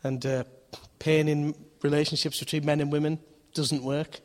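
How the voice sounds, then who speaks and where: A man's voice: on the high side, level tone, normal speed, few pauses, a little mellow. Conversational preacher man in a reverberant hall. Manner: conversational, asks the audience questions, acts out voices in stories. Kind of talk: sermon.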